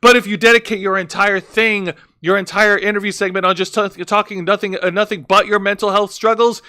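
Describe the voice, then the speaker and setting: A man's voice: sits high, fairly even intonation, fairly quick, sharp tone, clear, resonant tone. A man co-hosting a wrestling podcast, recapping segments with many fillers and restarts. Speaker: co-host. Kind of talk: casual wrestling review chat.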